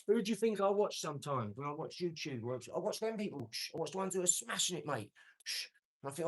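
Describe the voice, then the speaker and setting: A man's voice: a little high, sing-song, fast, breathy edge. A man, talking brashly and boastfully on his own live stream, answering comments. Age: 40s. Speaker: livestream host.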